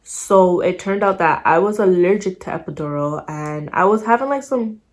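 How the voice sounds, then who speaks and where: A woman's voice: on the low side, moderate pace. Slangy young woman telling a story. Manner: slangy, swears freely, animated retelling. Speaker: vlogger. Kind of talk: casual storytelling to camera.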